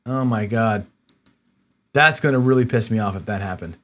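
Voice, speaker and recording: A man's voice: lowish voice, moderate pace. A man hosting a live stream, talking casually and muttering to himself in frustration as he searches his computer. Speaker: livestream host.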